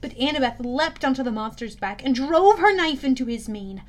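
Audiobook read by a woman with a high voice, steady and plain. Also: normal speed. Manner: steady storytelling with small self-corrections. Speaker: audiobook narrator. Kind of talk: audiobook narration.

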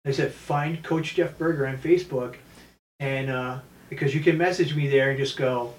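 A man's voice: mid-range voice, moderate pace. A man from New telling stories as a martial arts instructor in a casual interview, often acting out quotes in his stories. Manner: animated storyteller acting out quotes. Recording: echoey room, mic at a distance.

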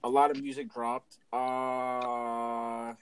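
A man's voice: mid-range voice, little pitch movement, clear, resonant tone. Joking young man in casual chat. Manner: loud, joking, quick reactions. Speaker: podcast co-host.

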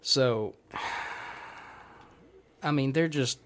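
On a casual podcast, a young man spins out a lengthy, swearing-heavy anecdote for his friends, quoting what people said as he rambles. He speaks extremely slowly in a mid-range, slightly bright voice, and the recording carries a little hiss or hum.

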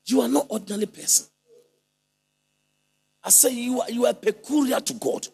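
A man preaching a sermon with fervor, leading the congregation in responses and breaking into shouted and sung phrases. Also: extremely high pitch, normal speed, gravelly, breathy edge.

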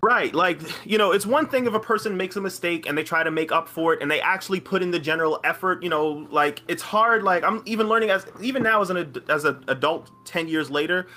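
High, bright-voiced man telling a story. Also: quick pace, few pauses. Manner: animated, profane, acts out quoted lines. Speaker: podcast guest. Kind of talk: casual storytelling chat.

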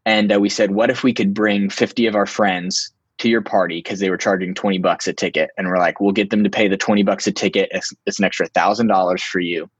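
A young man telling a story in a casual, animated way, full of "like" and restarts. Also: low-pitched, fast, few pauses, breathy edge, dry recording, dull audio. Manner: animated, filler-heavy, lots of "like".

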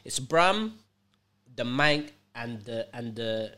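A man bantering on a podcast in a mid-pitched voice, playful and halting, with frequent fillers. Crowd chatter carries clearly behind him. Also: lively intonation. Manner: playful, trails off with "uh" and repeated words. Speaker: podcast co-host. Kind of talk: casual banter.

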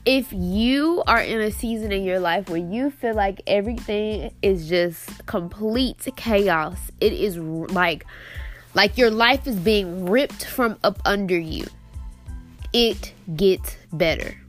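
A woman's voice: mid-range voice, unhurried, soft background music. A young adult woman hosting a podcast, giving an emotional faith-based testimony in a teary, earnest voice with lots of "like". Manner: emotional, earnest, heavy use of "like". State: teary, sniffling. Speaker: podcast host.

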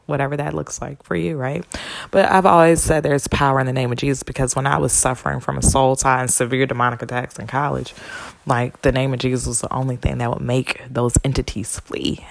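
Woman host, very low raspy register, dry close sound, frank and profane. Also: no room sound. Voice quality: gravelly low voice. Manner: candid, chatty, swears freely. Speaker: podcast host and spiritual healer. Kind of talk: casual solo podcast monologue.

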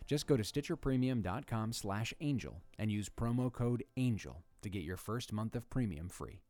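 A man reading a scripted podcast advertisement in a measured way. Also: on the low side, expressive, darkish tone, no room sound. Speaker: ad read announcer. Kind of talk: scripted ad read. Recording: faint music bed.

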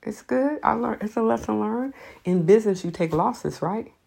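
A woman's voice: medium pitch, animated, normal speed, vocal fry, darkish tone, slightly rough. A woman giving blunt, profane advice in an unscripted monologue, speaking emphatically.

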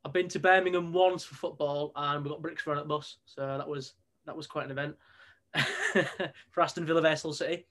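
A man from northern England hosts a relaxed podcast chat. His voice sits a little high, and he talks with teasing, opinionated banter and easy swearing. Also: a little fast. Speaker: podcast host and personal trainer.

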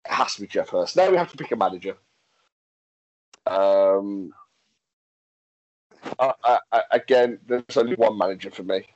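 A man's voice: lowish voice, moderate pace, long pauses, no room sound, muffled recording. Guy chatting on a podcast, dry close sound, lots of restarts. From England. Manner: animated, reads facts aloud, frequent restarts and laughs. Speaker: podcast co-host. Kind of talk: casual chat.

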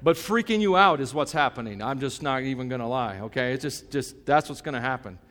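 A man's voice: mid-range voice, expressive, a little fast, a bit bright. A man in his fifties, a pastor preaching a sermon in a conversational, joking and emphatic way. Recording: long hall reverb.

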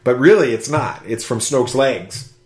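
Male podcast host, mid-pitched, animated reader of fan mail, echoey room. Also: a little slow. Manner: animated, whoops and jokes while reading aloud. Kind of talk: casual chat, reading listener reviews.

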